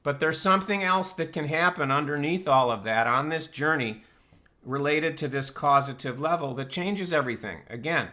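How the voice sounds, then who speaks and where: At normal speed and in a slightly high, pushed, bright voice, the man runs a live online Q&A show. He teaches personal growth, keeps things casual, and uses rhetorical questions to explain his ideas.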